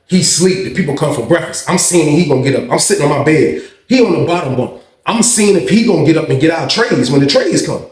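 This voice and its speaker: Man, storytime vlog, animated, profane, high voice, echoey room. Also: fast talker. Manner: animated, profane, acts out dialogue. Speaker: vlogger.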